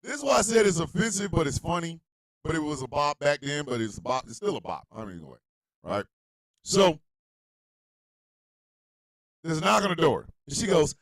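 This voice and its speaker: A man hosting a comedic live internet radio show, ranting loudly and bluntly in crude slang to his listeners, often shouting. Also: fairly high pitch, normal speed, pauses often, no room sound, rough recording. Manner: loud, animated, often shouting and laughing.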